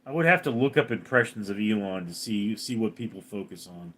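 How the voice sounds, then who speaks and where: A young man hosting a casual livestream, joking and reacting quickly as he reads out chat messages. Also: lowish voice, fairly bright tone.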